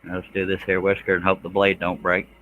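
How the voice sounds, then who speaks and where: A man's voice: deep voice, monotone, brisk, phone-quality sound, a little hiss or hum. A man, chatting casually with viewers while he works a scroll saw on a livestream. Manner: folksy, chatty, reads out viewer comments.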